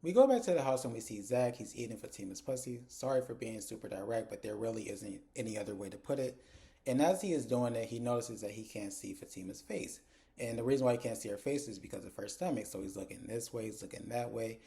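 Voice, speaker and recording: A man's voice: medium pitch, expressive, fast, creaky, dark tone. A man casually recapping a TV episode, blunt and chatty, talking straight to his viewers. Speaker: TV episode reviewer.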